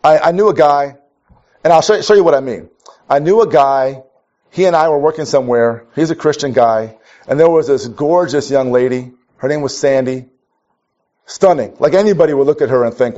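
A fairly high, expressive male voice, a little mellow, moves fairly quickly through a conversational sermon. The preacher, from Minnesota, spins wry stories and often backs up to restart sentences. The lo-fi recording sounds dull.

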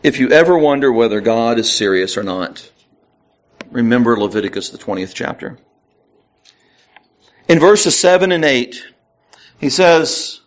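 A man's voice: mid-range voice, animated, measured pace, pauses often, dull audio. A man preaching a conversational Bible lesson, reading verses aloud with rising emphasis between casual asides. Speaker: pastor. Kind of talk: Bible teaching sermon.

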